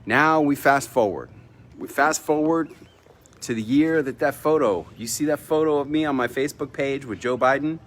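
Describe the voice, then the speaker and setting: A middle-aged man hosting a casual vlog from his home, telling a personal story with lively delivery and acted-out dialogue. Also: medium pitch, normal speed, slight background noise. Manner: animated storyteller, acts out quoted dialogue. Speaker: vlog host. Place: home in Mexico.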